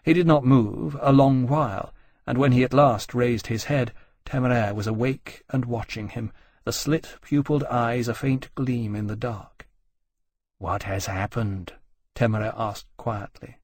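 A man narrating a novel in a measured, even reading. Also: mid-range voice, dry recording. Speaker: audiobook narrator. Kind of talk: scripted narration.

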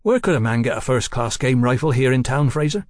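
A man voicing a reserved, educated gentleman scientist who speaks in an understated, measured way. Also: mid-range voice, lively intonation, no room sound, studio quality, natural voice. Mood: wondering.

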